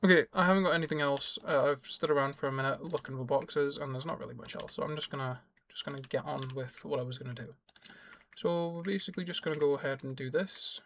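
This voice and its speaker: A young man, his voice sitting a little high, talks his way through a gameplay tutorial. He rambles and restarts sentences as he explains each step, while keys clack faintly in the background. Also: fairly even intonation, fast talker, a bit bright, a little hiss or hum. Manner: rambling, self-correcting, explains as he plays. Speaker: gaming YouTuber. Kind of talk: casual gameplay tutorial commentary.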